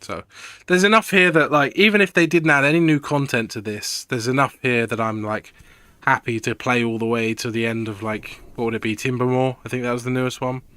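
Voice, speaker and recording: A man's voice: mid-range voice, fairly even intonation, brisk, pushed and bright, clean tone, no room sound. A young man streaming a video game, chatting casually in a rambling, sweary, laid-back way. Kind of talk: casual gaming stream chat.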